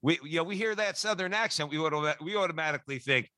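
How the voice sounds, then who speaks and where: A man's voice: fairly high pitch, fast, pushed and bright, no echo. A man co-hosting a radio talk show, introducing a guest in an upbeat, chatty way with frequent fillers. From New Jersey.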